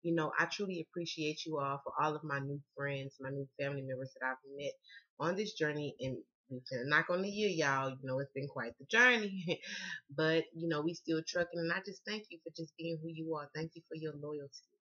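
Bright-voiced Southern woman, chatty tarot reader. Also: low-pitched, a little fast, dull audio. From Southern United States. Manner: chatty, slangy, swears freely. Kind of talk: casual tarot reading to camera.

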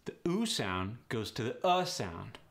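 A man working as an accent coach, briskly explaining pronunciation changes in a matter-of-fact instructional style. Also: mid-range voice, big pitch swings, vocal fry, a bit bright.

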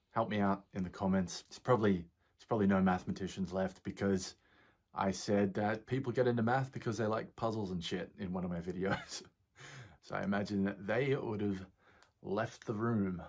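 Husky, chatty man reacting casually. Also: lowish voice, moderate pace. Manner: relaxed and chatty, laughs often, slang like bro. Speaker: physicist YouTuber reacting to a series.

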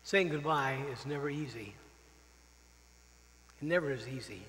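A man's voice: mid-range voice, animated, measured pace, a bit bright, big-room sound, low-quality recording. A man who is a missionary pastor preaching a farewell sermon, earnest and openly emotional, repeating phrases for emphasis. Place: church sanctuary.

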